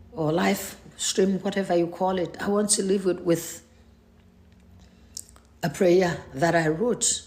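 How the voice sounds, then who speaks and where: A woman from Nigeria hosting a faith live stream, talking in an earnest, pleading and halting way while grieving and stressed. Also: lowish voice, gravelly, a little mellow. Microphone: computer mic.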